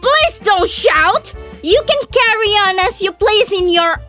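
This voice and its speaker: A woman acts out a proud young lady in a stage comedy who argues over land. Her voice is very high, bright and sharp. She speaks slowly and deliberately, with faint music behind her. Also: animated, full character voice. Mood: indignant. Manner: shrill, insistent, shouting back. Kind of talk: amateur stage play reading.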